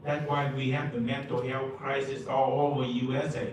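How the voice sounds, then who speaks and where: A man giving a public comment at a meeting. He speaks in halting, repetitive broken English, stumbling over his words. His voice comes from far off in a big echoey hall with steady noise underneath. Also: medium pitch.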